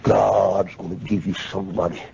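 A man preaching a revival sermon, swinging from quiet pleading to shouting. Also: sits low, little pitch movement, normal speed, vocal fry, a little hiss or hum. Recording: muffled lo-fi sermon tape.

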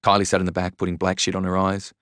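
Low-voiced audiobook narrator. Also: male voice, completely flat delivery, fast talker, fairly bright tone, dry recording, clean studio sound. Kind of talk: first-person audiobook narration.

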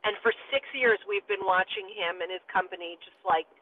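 A woman in her forties telling a story in lively casual talk, acting out the voices of the people in it, calling in from her parked car. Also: mid-range voice, fairly quick. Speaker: guest. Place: car, pulled over. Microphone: phone call. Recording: tinny phone line.

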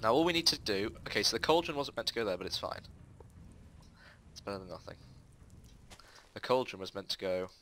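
A man's voice: on the low side, expressive, brisk, pauses often, fairly bright tone, slight background noise. A young man casually chatting while playing a building game, talking through each step with fillers. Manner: chatty, explains his building steps with fillers. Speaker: game host. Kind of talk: casual let's-play chat.

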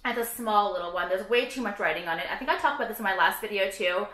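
A woman's voice: medium pitch, fast, bright, forceful tone. Profane, sarcastic woman in an echoey room. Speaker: vlogger reviewing products. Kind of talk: casual ranting vlog.

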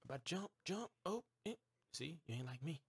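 A man hosting his own live game stream, trash-talking and reacting loudly as he plays. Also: fairly high pitch, moderate pace, vocal fry, husky, no room sound. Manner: excitable, talks back to the game, trash-talking; bursts into shouts and squeals when surprised. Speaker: gaming streamer host. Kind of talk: live gameplay commentary.

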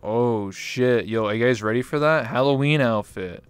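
A medium-pitched man talks at normal speed in a clean tone on a dry recording. As a talk show host on a virtual reality chat stream, he conducts a casual interview, cracking crude jokes and cursing a lot.

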